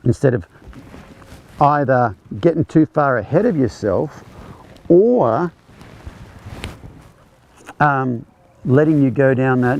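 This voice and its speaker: A man's voice: medium pitch, very animated, a little slow, vocal fry, pauses often, darkish tone, dull audio. A man teaching a horsemanship clinic, explaining conversationally as he demonstrates groundwork with a horse. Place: outdoor ranch arena.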